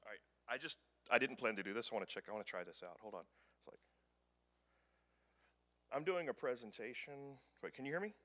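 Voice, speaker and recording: A man's voice: medium pitch, animated, a little fast, long pauses, sharp tone. A man giving a conference presentation in a casual, rambling, self-deprecating way. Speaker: conference speaker. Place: conference room.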